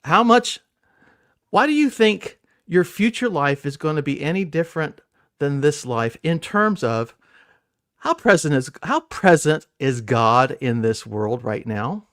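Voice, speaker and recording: Lively high-voiced man posing questions. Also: measured pace, no room sound, studio quality. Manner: poses probing questions to the host. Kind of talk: casual theological discussion.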